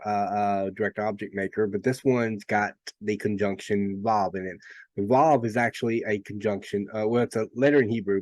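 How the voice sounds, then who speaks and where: Low-voiced man explaining with many restarts. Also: a little mellow, no echo. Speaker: Bible teacher. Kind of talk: informal lecture.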